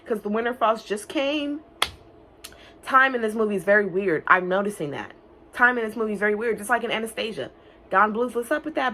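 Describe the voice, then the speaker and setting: A young woman casually recapping an animated film, talking fast and loose with lots of filler words and swearing. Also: mid-range voice. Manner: chatty, profane, many "like" fillers; quick bursts of mock-singing and silly character voices. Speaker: movie reviewer.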